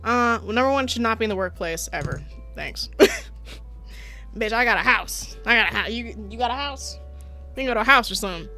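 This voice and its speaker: Woman gaming streamer, lively up-and-down voice, reads a visual novel aloud and jokes along, faint music behind. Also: a little high, normal speed, pauses often. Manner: giggly, playful, animated. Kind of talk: reading a visual novel aloud with casual commentary.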